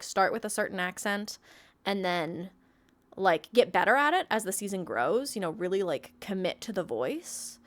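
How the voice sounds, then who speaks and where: A woman talks through advice for a roleplay group in a loose, conversational way. She rambles, leans on fillers, and laughs lightly as she goes, like an admin teaching her community. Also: medium pitch. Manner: chatty, rambling, many fillers and frequent laughs. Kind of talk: casual instructional talk.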